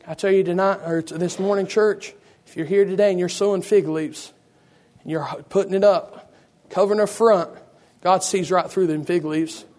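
A man preaching a fervent sermon with a hoarse, worn voice, praying with a repeated "Lord" and building to shouts. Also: sits high, steady tone, normal speed. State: hoarse, losing his voice.

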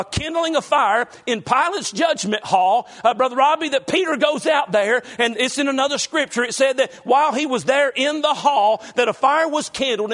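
Brief: middle-aged man, North Carolina mountain drawl, very high voice, folksy pastor who calls out church members and shouts at the peaks. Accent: North Carolina mountain Southern. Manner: folksy preaching, calls out congregants by name, bursts into shouts. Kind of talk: sermon.

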